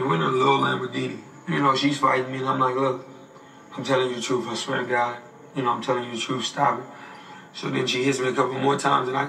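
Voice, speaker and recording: A man's voice: medium pitch, creaky, pushed and bright, reverberant, far from the mic, a little hiss or hum, low-quality recording. A man giving a documentary interview, telling a story in casual slangy speech.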